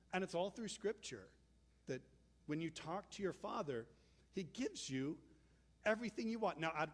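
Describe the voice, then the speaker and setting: A man delivers a sermon in a casual, conversational way, often acting out the people in his stories. His voice sits fairly high for a man. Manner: conversational, animated storytelling with acted-out quotes. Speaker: pastor.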